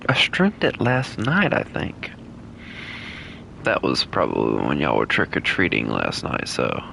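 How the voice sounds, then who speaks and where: A man's voice: very deep voice, huge pitch swings, a little slow, vocal fry, pushed and bright, slight background noise. A man streaming a game, chatting casually with his viewers, teasing them and laughing often. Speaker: gaming streamer. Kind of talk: casual live-stream chat while playing.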